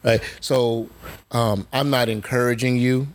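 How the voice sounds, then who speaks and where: A man appearing as a guest coach in a casual talk, measured and hesitant, filling his pauses with ums and stressing careful distinctions. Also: medium pitch, steady tone. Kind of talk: casual chat.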